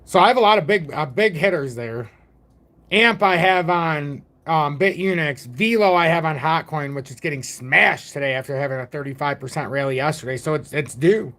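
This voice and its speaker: A man's voice: a little high, normal speed, a bit bright. A man in his forties hosting a casual crypto livestream, rambling and joking at his own expense. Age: 40s. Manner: rambling, jokey, self-deprecating. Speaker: crypto channel host.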